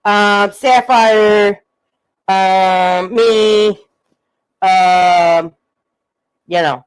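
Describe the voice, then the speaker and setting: A woman's voice: medium pitch, drawn-out words, long pauses. A woman streaming live, ranting about online drama in a profane, combative, mocking way, reading out messages and jabbing at critics. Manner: reads messages aloud, laughs between jabs.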